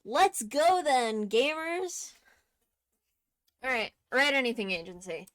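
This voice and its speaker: A woman's voice: a little high, sing-song, slow pace, pauses often, faint music behind. A young woman streaming a game, chatting casually with laughing asides and the odd swear. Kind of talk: casual gaming commentary.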